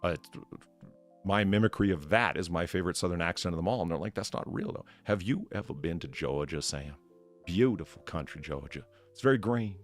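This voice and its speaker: A man hosting a casual live stream, chatting with guests and thanking viewers in a rambling, animated way. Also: low voice, a little fast, faint music behind. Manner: rambling, animated, many restarts. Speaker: streamer host playing bartender.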